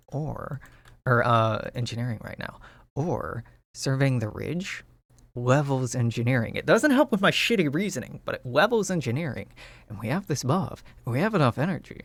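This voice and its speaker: A man rambling through a video game, talking through his choices, correcting himself and swearing. His voice is mid-pitched and sits close in a dry, dead room. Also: big pitch swings, moderate pace, no echo. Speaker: let's play host. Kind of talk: casual game commentary and read-aloud narration.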